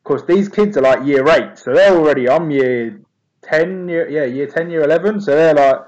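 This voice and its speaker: A man's voice: on the high side, normal speed, a little mellow, lo-fi sound. A young man telling cheeky school stories in a casual, laid-back way. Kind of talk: casual storytelling chat.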